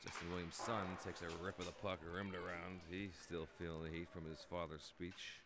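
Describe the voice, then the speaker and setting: Man, hockey play-by-play, low voice, jokey and excitable, noisy rink recording. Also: normal speed. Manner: excitable, jokey, calls goals loudly. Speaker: play-by-play commentator. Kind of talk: amateur youth hockey commentary.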